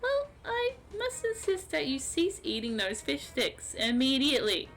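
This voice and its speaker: A woman voicing a haughty young merfolk princess, shrill and indignant, shouting insults while reading game dialogue aloud. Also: very animated, measured pace, faint music behind, exaggerated voice. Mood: imperious.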